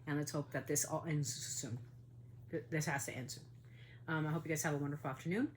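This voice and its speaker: A woman hosting a podcast, upset and indignant as she rants, with swearing along the way. Her voice sits a little low. A faint hiss of room ambience runs under her. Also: steady tone, a little fast. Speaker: podcast host. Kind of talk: casual opinion monologue.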